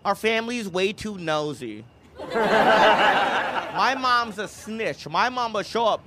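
High-pitched young male stand-up comic. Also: slow pace, long pauses. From United States. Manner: animated, punchy, swings into mocking impressions. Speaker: stand-up comedian. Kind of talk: stand-up comedy set. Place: comedy club stage. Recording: live club recording with crowd noise. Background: audience laughter.

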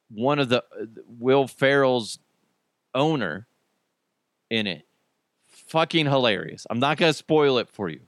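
A middle-aged man hosts a podcast, swearing freely and laughing through his stories. His pitch swings widely as he talks. The recording is dry and close on the mic. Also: no echo. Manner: profane, animated storyteller, laughs often. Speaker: podcast host. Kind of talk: casual chat.

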